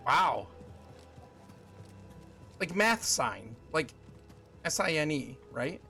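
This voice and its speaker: Slightly high-voiced guy streaming a game, jokey, teasing himself, talking to chat, some music behind. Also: big pitch swings, drawn-out words, gravelly, pushed and bright. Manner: jokey, self-deprecating, chatty with chat. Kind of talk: casual live gameplay chat.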